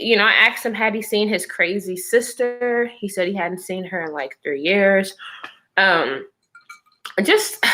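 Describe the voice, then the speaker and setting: A pregnant woman chatting to her viewers, telling a personal story in a lively, expressive way. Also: medium pitch. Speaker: vlogger. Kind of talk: casual storytime chat.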